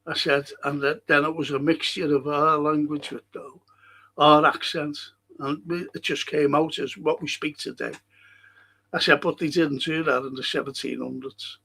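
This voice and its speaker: An older man with a Liverpool accent, hosting a casual livestream and chatting through viewer comments in a rambling way with excitable bursts. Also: on the high side, normal speed, creaky, breathy edge. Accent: Liverpool (Scouse). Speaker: livestream host reading chat.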